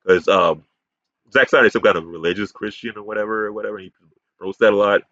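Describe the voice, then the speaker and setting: A man's voice: lowish voice, fairly even intonation, fast talker, pushed and bright, no echo. A man giving a combative, profane, rambling ranting commentary as a YouTube commentator. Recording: dull, muffled sound.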